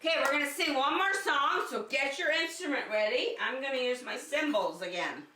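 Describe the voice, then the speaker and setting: A woman's voice: high-pitched, normal speed, pushed and bright, echoey room, far from the mic, a little hiss or hum. A woman teaching a preschool circle time, talking to the children as friends in a sing-song voice.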